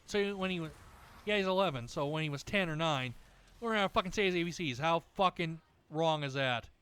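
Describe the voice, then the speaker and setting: Gaming host, male, bright and clear voice, sweary ranting style, dry close sound. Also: fairly high pitch, expressive, brisk. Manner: rambling, many restarts and fillers. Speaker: gaming video creator. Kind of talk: casual chat over gameplay.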